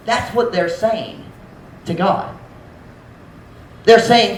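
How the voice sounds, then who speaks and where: A man's voice: high-pitched, a little slow, pauses often. A male pastor preaching a sermon, emphatic and often asking the congregation questions, switching between English and Cebuano. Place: church. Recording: echoey church with faint noise.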